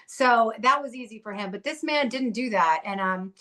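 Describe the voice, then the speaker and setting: A woman's voice: fairly high pitch, moderate pace, pushed and bright. A woman speaking as a podcast guest, telling her recovery story in a blunt, fiery way full of swearing.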